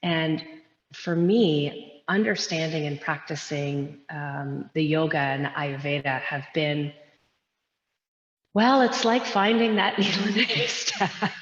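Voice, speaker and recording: Brief: woman, 30s, yoga teacher guest, low voice, earnest, reflective, long echo, dull lo-fi audio. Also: slow pace. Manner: earnest, reflective, with frequent fillers. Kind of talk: casual interview talk. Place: her yoga studio. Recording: dull lo-fi sound with long echoey reverb.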